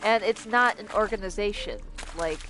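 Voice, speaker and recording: A woman's voice: mid-range voice, normal speed, a bit bright, faint music behind. A young adult woman streaming a game, ranting casually with lots of swearing and sarcasm. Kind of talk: casual livestream commentary.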